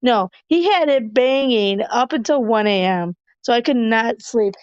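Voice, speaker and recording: A woman hosts a podcast from her hotel room, chatting, reading comments and laughing a lot. Her voice is smooth and clear, a little high, and sits close and dry on a slightly dull recording. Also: a little slow, no room sound. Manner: chatty, laughs often, many fillers. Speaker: podcast host. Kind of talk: casual chat reading viewer comments.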